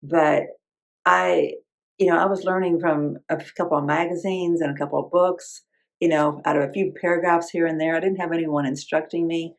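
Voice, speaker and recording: Fifties woman, crafts vlogger, reflective and rambling, with some vocal fry. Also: low voice, steady tone, normal speed, rough recording. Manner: rambling, self-correcting, laughs at herself. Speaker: quilting vlogger. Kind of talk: reflective casual chat.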